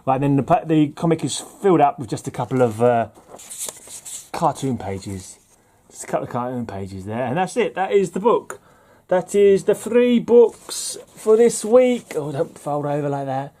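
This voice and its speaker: A man's voice: medium pitch, expressive, moderate pace, a little mellow. A man chatting casually about old comics, wry and self-mocking. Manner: chatty, wry, laughs at himself. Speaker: comic book vlogger. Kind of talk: casual chat reading comics.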